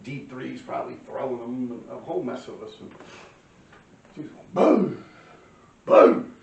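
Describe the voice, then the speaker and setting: A man, telling profane street stories to camera and clearing his throat often. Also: mid-range voice, fairly even intonation, normal speed, a little mellow, a little hiss or hum. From New York. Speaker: vlogger telling life stories. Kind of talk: casual storytelling to camera. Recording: roomy, distant, dull-sounding.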